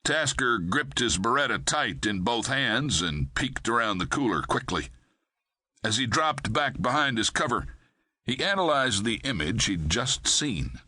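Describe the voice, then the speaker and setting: A man narrating a crime thriller audiobook in a steady, measured way. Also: medium pitch, dry recording, clean studio sound.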